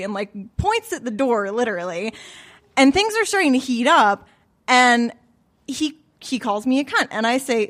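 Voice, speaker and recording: Storyteller: woman, fairly high voice, chatty and casual, live at a cafe open mic on a stage mic. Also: expressive, normal speed, fairly bright tone. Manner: chatty, conversational, with frequent filler words. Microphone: stage microphone on a stand.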